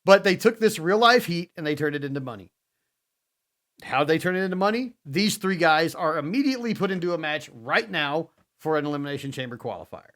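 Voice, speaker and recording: A man co-hosting a podcast, telling a wrestling recap as an animated storyteller. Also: fairly high pitch, brisk. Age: adult father. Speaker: podcast co-host. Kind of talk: casual wrestling recap chat.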